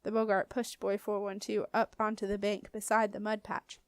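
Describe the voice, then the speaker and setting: A woman narrating a children's fantasy audiobook in a steady, clear storytelling voice. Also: mid-range voice, normal speed, no echo. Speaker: audiobook reader.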